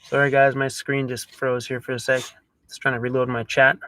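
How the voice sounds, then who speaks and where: A Canadian man hosting a casual livestream from inside a camper van, chatty and loose, with frequent fillers and quick apologies. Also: medium pitch, level tone, sharp tone, dry recording. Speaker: livestream host.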